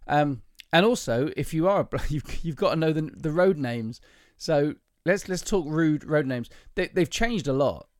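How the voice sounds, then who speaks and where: A man's voice: fairly high pitch, animated, normal speed, hardly any pauses, darkish tone, no echo, clean studio sound. A man co-hosting a podcast in casual chat, eagerly sharing trivia and laughing as he goes. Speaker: podcast co-host.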